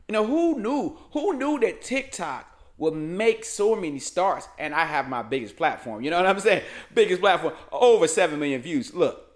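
Animated high-pitched male comic ranting. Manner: animated, slangy, keeps saying "man". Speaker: comedic commentary host. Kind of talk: loose comedic rant.

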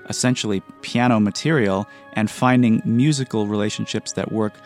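A man's voice: lowish voice, normal speed, a little mellow, faint music behind. A man, a composer, being interviewed and explaining how he writes, thoughtful in manner, counting beats and humming rhythms aloud. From United States. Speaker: composer guest.

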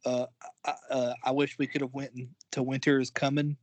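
Male co-host, flat and halting, dry close sound. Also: mid-range voice, dry recording. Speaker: podcast co-host. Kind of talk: casual chat.

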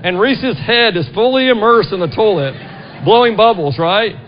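A middle-aged pastor delivers a conversational sermon in a church sanctuary, his high-pitched voice at a moderate pace and often prompting the congregation with "right?" The dull, long-reverb recording carries a little hiss or hum.

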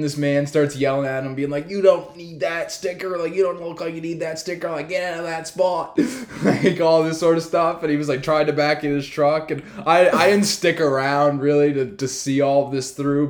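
A man's voice: mid-range voice, reverberant. A young man from New Brunswick telling a long casual story, rambling with lots of fillers. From New Brunswick, Canada.

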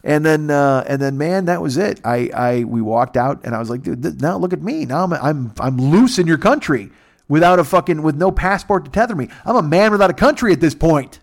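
A man from the United States with a slightly high voice and a brisk pace tells a lengthy comic tale in casual conversation. He stays animated and profane throughout, putting on voices for the people he describes.

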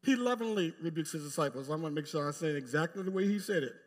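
With a voice on the high side and lively intonation, this male pastor preaches to a congregation gathered in church. He speaks emphatically, leaves long pauses, and talks straight to the people in the pews.

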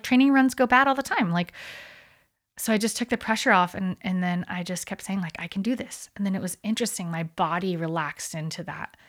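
A woman at an ordinary, middle pitch tells a personal story in a casual chat. She talks in animated bursts and fills her sentences with likes and ums. She often stops and restarts a thought.

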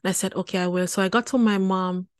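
A woman in her forties tells a personal story with lively energy. She laughs often and repeats words for emphasis. Her mid-pitched voice sounds close and dry, with no room echo. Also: fast talker. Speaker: wellness show host.

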